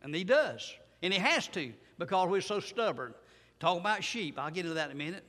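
A man's voice: high-pitched, expressive, fast talker, bright, forceful tone, long reverb tail. An older man preaching a sermon, telling folksy stories and rising to emphatic bursts.

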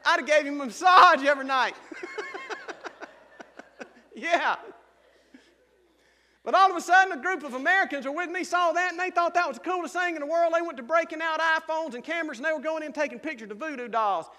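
A man's voice: very high voice, brisk, long pauses, bright, forceful tone, long reverb tail. A man with a Georgia Southern accent preaching a humorous sermon as a missionary pastor, telling folksy stories and laughing often. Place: church sanctuary.

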